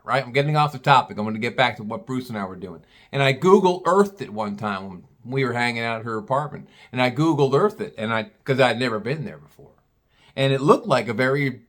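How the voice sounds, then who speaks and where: A man's voice: medium pitch, fairly bright tone. A man telling a casual personal story, rambling with many restarts and blunt swearing.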